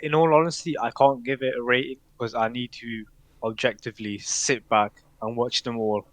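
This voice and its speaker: A man's voice: medium pitch, fairly even intonation, normal speed, no room sound. Hesitant man chatting, dry close mic. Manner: hesitant, many fillers and restarts, laughs often. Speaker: podcast co-host. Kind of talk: casual chat.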